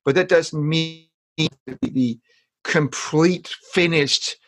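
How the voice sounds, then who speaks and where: A man's voice: on the high side, slow, a bit bright. Earnest man talking as an interview guest. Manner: earnest, repeats words while thinking. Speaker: guest, speaking coach and author. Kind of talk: casual interview chat.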